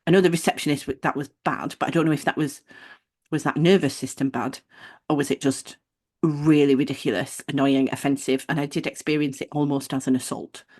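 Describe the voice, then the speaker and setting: A woman co-hosting a podcast, telling a personal story in a casual, animated way and acting out the people she quotes. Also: sits low, fairly quick, slightly rough. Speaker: podcast co-host.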